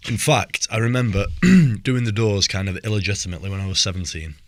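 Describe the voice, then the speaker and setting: A man's voice: fairly low pitch, brisk, a crowd in the background. A young man, co-hosting a casual podcast, laughing easily and often restarting his words. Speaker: podcast co-host. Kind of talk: casual banter.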